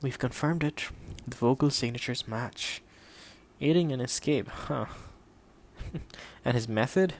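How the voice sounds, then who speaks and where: A man reading an audiobook in a steady, measured way, voicing the dialogue quietly. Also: medium pitch. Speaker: audiobook narrator. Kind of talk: scripted audiobook narration.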